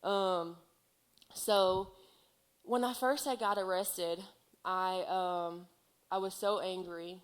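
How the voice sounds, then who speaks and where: A woman's voice: on the low side, steady tone, slow, pauses often, clear, resonant tone. A woman sharing a heartfelt personal testimony in church, speaking earnestly and filling her sentences with "like" and "um.". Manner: earnest, heartfelt, filler-heavy with many "like"s.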